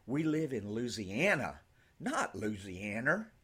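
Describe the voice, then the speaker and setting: A man voicing a brisk young schoolteacher. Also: mid-range voice, sing-song, bright, forceful tone, exaggerated voice. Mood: firm. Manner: firm, scolding older-sister tone.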